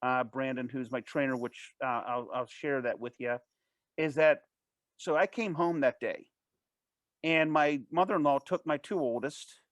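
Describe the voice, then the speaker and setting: As an interview guest, this man tells a personal story casually and with animation, restarting often and making false starts. His voice sits in the mid-range, with no echo, and he rattles off the anecdote at a quick pace.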